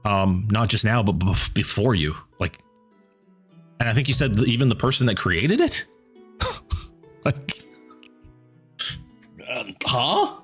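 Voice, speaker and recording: A man streaming a game and chatting casually with viewers, rambling and repeating words as he thinks aloud, his voice going hoarse. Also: medium pitch, a bit bright. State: losing his voice.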